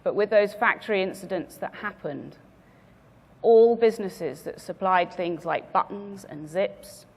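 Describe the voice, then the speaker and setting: A woman speaker giving a measured business presentation to a conference audience, stressing her key words. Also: medium pitch, a little mellow, long reverb tail. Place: conference venue.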